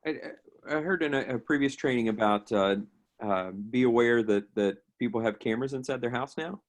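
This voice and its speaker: A man's voice: medium pitch, brisk. A man in a training session raising a point hesitantly, stumbling over his opening words. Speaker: trainee asking a question.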